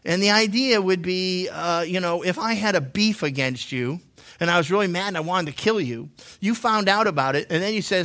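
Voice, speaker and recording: A man's voice: sits high, moderate pace, bright, forceful tone. Chatty, joking male pastor preaching. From Massachusetts, USA. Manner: jokey, conversational storytelling with many restarts. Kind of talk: sermon teaching.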